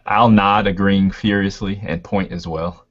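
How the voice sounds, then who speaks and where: A man's voice: sits low, fairly even intonation, measured pace, fairly bright tone. A man playing a tabletop game, describing his character's actions hesitantly with many uhs. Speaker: player. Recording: lo-fi audio.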